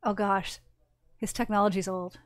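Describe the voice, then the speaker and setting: A woman's voice: medium pitch, fairly even intonation, moderate pace. A woman co-commenting on a game in casual chat, making wry, skeptical remarks. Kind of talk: casual let's-play chat.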